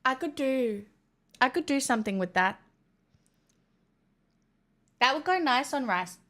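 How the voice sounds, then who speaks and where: A woman with an Australian accent chats on her live stream in a high, unhurried voice. She narrates each step aloud as she tastes food and thanks viewers. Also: lively intonation, a bit bright. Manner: chatty, narrating while tasting food. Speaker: livestream host. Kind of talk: casual live-stream chat.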